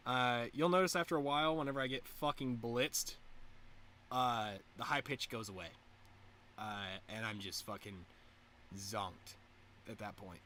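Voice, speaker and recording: A young man hosting a livestream, chatting casually and profanely while getting high, deliberately pushing his voice up into a head voice. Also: sharp tone, a little hiss or hum. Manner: profane, rambling, laid-back, deliberately pitched-up head voice. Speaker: livestream host. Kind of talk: casual stoner livestream chat.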